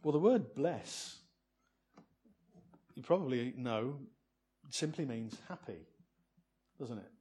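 A man's voice: medium pitch, expressive, slow, long pauses, warm tone, breathy edge. A man preaching an evening sermon on a psalm, earnest and building to fervent emphasis, with many restarts.

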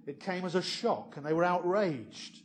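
A man preaching a sermon who asks the congregation rhetorical questions and builds from quiet asides to emphatic points. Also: sits high, animated, normal speed, slight background noise.

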